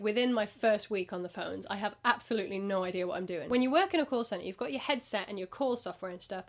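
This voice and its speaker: Fast-talking sarcastic British woman vlogger. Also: a little high. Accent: British English. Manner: sarcastic, animated, puts on voices for customers. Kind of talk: storytelling vlog.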